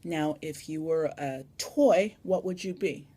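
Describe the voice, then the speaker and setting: A young woman vlogger chats casually through a tag video on her phone camera, rambling and tossing in little asides. Her voice is low-pitched and dark in tone, with a slightly slow delivery.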